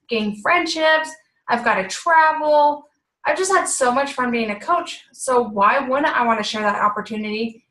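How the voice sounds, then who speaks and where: Upbeat chatty woman in an echoey room. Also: fairly high pitch. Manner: chatty and upbeat, many fillers, acts out messages in a bright voice. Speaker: health coach. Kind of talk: casual coaching talk.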